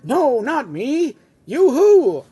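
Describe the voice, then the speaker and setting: A man voicing a grumpy, short-tempered green male creature who shouts in exasperation. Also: very high-pitched, wildly swooping pitch, drawn-out words, pitched above the performer's own voice, full character voice. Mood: frustrated shouting.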